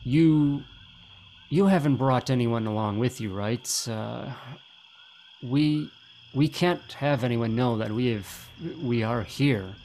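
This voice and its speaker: A man putting on a nervous woman rebel in a tabletop game, hesitant and anxious, with a gravelly edge. A faint hum sits underneath. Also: medium pitch, takes it slowly, darkish tone. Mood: wary.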